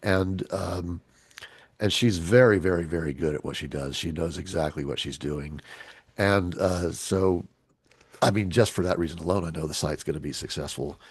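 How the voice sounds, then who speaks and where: A man leading a virtual team meeting, talking casually and joking, with halting restarts over a video call. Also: low voice, slightly rough, no room sound. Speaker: team leader.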